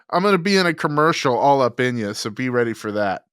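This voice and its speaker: A man's voice: mid-range voice, expressive, quick pace, fairly bright tone, clean tone, no echo, clean studio sound. A man co-hosting a sports podcast, bantering and laughing in casual chat. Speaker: podcast co-host.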